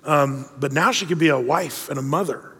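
A man's voice: fairly high pitch, normal speed, a bit bright, husky, big-room sound. A middle-aged man preaching a sermon, telling a story in a conversational way and adding joking asides. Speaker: pastor.

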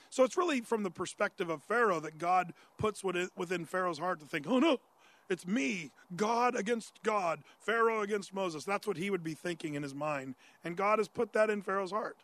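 A pastor teaching through a Bible passage in a conversational sermon, raising listener questions and answering them, with frequent "uh" fillers and restarts. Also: male voice, high voice, fairly bright tone, dry recording.

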